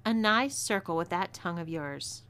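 Texan lady reading a cocky bossy gunslinger gal, bright twangy voice, western story. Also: fairly low pitch, animated, normal speed. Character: bold female outlaw gunslinger, cocky and commanding.

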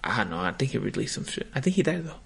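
A man's voice: mid-range voice, big pitch swings, racing, gravelly, fairly bright tone, husky. A young man hosting a podcast, chatting casually and telling a rambling story full of slang and swearing. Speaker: podcast host. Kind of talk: casual chat.

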